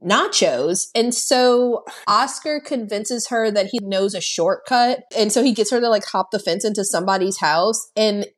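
A woman's voice: medium pitch, normal speed, few pauses. A woman co-hosting a podcast, casually recapping a movie with plenty of swearing and laughter. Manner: profane, laughing storyteller. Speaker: podcast co-host.

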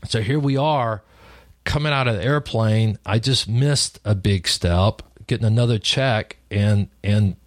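A man's voice: lowish voice, unhurried, no room sound, clean studio sound. Man casually telling a personal story. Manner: conversational, lively retelling with frequent restarts.

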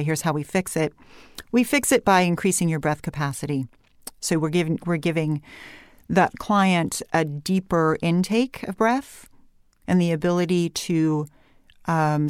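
A woman voice and speech coach with a Californian accent, explaining her work in an animated interview conversation. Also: fairly low pitch, no room sound, clean studio sound. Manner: animated explanatory talk with light vocal fry and uptalk.

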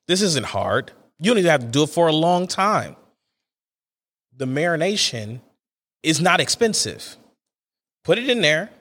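A young man talks through his solo podcast in a loose, casual monologue. His voice swings widely up and down as he rants with mock outrage, sitting at a middle pitch for a man. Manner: animated, exasperated ranting with big pitch swings. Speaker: podcast host.

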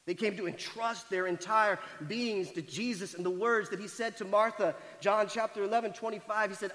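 A male pastor preaching a sermon, retelling a story dramatically and moving between loud emphatic lines and hushed, quiet ones. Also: high voice, steady tone, moderate pace, few pauses, long reverb tail, low-quality recording.

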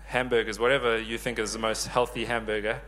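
A man in his thirties preaching a sermon, lively and joking with the congregation. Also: lowish voice, a little fast, background noise. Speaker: pastor.

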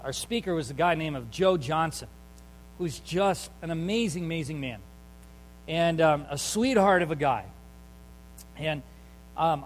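High-voiced pastor preaching in a hall. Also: male voice, a little hiss or hum. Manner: conversational storytelling, earnest and emphatic. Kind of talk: sermon.

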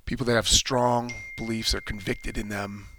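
Gravelly-voiced man musing aloud. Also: lowish voice, level tone, moderate pace, bright, forceful tone, a little hiss or hum. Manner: rambling, thinking aloud with many restarts. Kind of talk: casual spoken monologue.

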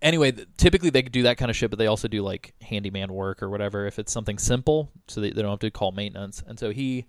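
A man's voice: on the low side, racing, few pauses, no echo, clean studio sound. A young man hosting a podcast who tells a story casually, rambling with lots of "like" and "um" and casual swearing. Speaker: podcast host.

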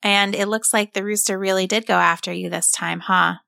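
A woman voicing a caring farm mother who talks softly and soothingly to her son. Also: medium pitch, steady tone, normal speed, vocal fry, no room sound, clean studio sound. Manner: soft and soothing.

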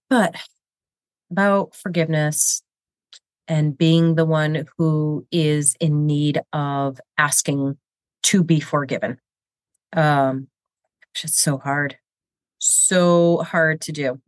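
A woman in her fifties with a deep, congested voice from a cold speaks slowly as a show host, chatting in a candid, self-deprecating, confessional way. She rambles and often restarts her sentences. The recording is from a video camera and has no room sound.

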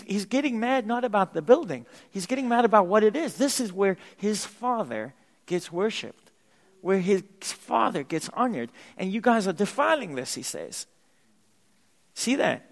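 A man pastor preaching a sermon in a church, emphatic and animated, repeating key words for effect. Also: high-pitched. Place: church sanctuary. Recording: long reverb of a church hall.

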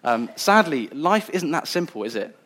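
A man's voice: fairly high pitch, big pitch swings, moderate pace, a bit bright. A man giving a sermon in an earnest, conversational way. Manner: earnest, conversational, some restarts. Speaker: preacher.

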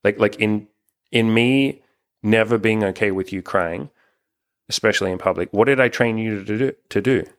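Low-voiced, frank, swearing young man. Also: moderate pace. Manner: rambling, frank, swears often. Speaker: relationship coach and channel host. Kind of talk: casual couple's chat on camera.

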